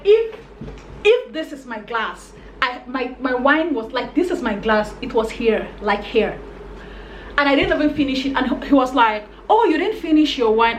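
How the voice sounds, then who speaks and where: A young woman from Cameroon telling a story on her vlog in a casual, animated and exasperated way, acting out the other people in it. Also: high-pitched. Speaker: vlogger. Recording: echoey room with faint noise.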